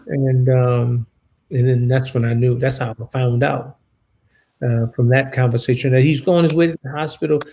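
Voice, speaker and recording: A man, a guest in an interview, telling a painful personal story in a halting, shaken way with many restarts. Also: mid-range voice, steady tone, dark tone, rough recording. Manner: shaken and subdued.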